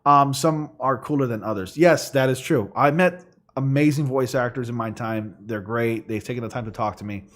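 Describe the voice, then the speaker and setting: At a moderate pace and medium pitch, a man chats casually while hosting a gaming stream, wandering from topic to topic with many fillers. He's recorded with a studio condenser microphone.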